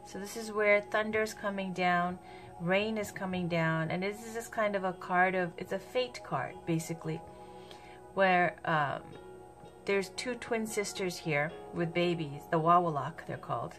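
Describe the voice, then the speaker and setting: A woman giving a casual tarot reading, talking in a chatty, unhurried way and thinking aloud as she goes. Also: fairly low pitch, fairly bright tone. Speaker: tarot reader. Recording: music playing underneath.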